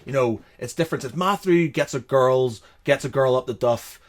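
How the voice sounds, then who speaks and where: A man's voice: medium pitch, moderate pace. A man from Northern Ireland, a podcast co-host, telling rambling anecdotes in casual chat and laughing at his own stories.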